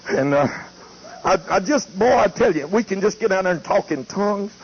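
A man's voice: high voice, expressive, normal speed, husky, pitched above the performer's own voice. A preacher putting on the voice of old Lot, a worldly patriarch coaxing his wife, with a folksy drawl and a wheedling, sweet-talking manner. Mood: giddy. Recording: muffled lo-fi tape with faint hiss.

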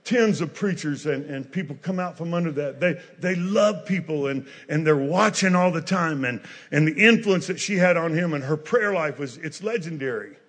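A man preaching a storytelling sermon who goes from shouted lines to quiet, chatty asides. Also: on the high side, expressive, moderate pace, few pauses, slightly rough. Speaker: pastor. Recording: hall reverb.

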